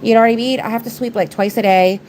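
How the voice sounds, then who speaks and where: A congested woman livestreams her nail art from her work desk, chatting and rambling to viewers and her pets. Her voice is on the high side, a little mellow and steady in tone, and she talks fast. The recording is rough, with slight background noise.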